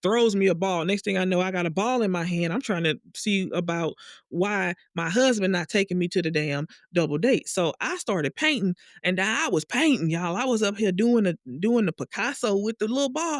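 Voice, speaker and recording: A woman telling a dream story in a casual monologue, acting out the other people in higher voices. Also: a little fast, no echo, clean studio sound. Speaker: vlogger sharing a dream and astrology.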